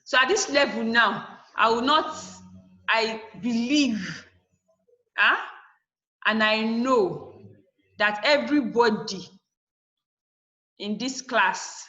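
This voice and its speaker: A woman's voice: on the high side, slow pace, pauses often, sharp tone, dull audio. Female teacher in an echoey room, lecturing an online class, repeats herself for emphasis. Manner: asks rhetorical "what?" questions and answers them. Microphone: video call.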